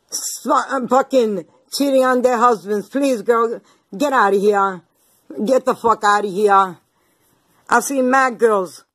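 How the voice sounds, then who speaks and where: A woman's voice: fairly high pitch, a bit bright, dry recording. A woman ranting at her viewers in a confrontational, taunting way, full of swearing, slang and repeated lines. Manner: slang-heavy street talk. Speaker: vlogger. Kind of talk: angry rant to viewers.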